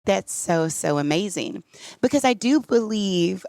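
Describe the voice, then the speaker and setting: A woman's voice: mid-range voice, lively intonation, measured pace, vocal fry, darkish tone, no echo. A woman hosting a casual interview, affirming her guest and often calling things beautiful. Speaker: podcast host and coach.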